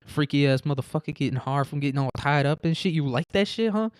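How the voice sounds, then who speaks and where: A man's voice: quick pace, clear, resonant tone, dry recording, clean studio sound, natural voice. A man voicing a young male security guard who taunts a hostage in a crude, jeering way. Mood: mocking. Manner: taunting, high-pitched jeering.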